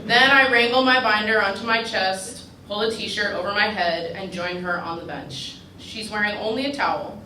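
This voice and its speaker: A woman's voice: medium pitch, normal speed, hardly any pauses. A woman reading her own personal essay aloud at a writers' retreat, in a dry, wry manner. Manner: dry, wry delivery that draws audience laughter. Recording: roomy, distant mic with background noise.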